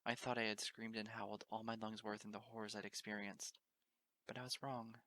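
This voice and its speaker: A man's voice: on the low side, level tone, a little fast, pushed and bright. A man narrating a fan fiction audiobook in an earnest, emotional first-person reading. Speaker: audiobook reader.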